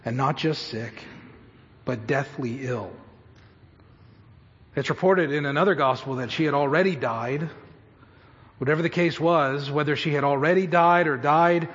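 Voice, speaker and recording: A man's voice: fairly high pitch, a little slow, pauses often. Male pastor, dramatic sermon, long hall echo, muffled recording. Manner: dramatic, shifts from hushed storytelling to shouted pleading.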